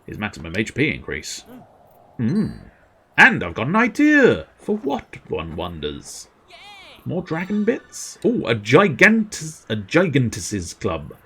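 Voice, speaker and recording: A man's voice: medium pitch, a bit bright, husky. A young man streaming a video game, chatting casually and breaking into silly made-up rhymes and jingles. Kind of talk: casual gameplay commentary.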